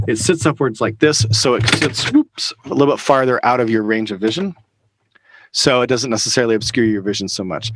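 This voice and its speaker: Here a male workshop instructor leads a live online session through a close studio microphone on a video call. His mid-range voice is a bit bright, he speaks casually with fillers and restarts, and there's no echo.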